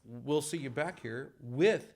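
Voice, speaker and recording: A man's voice: mid-range voice, slow, creaky. A man hosting a radio show in casual chat, rambling with many restarts and fillers, in a radio studio.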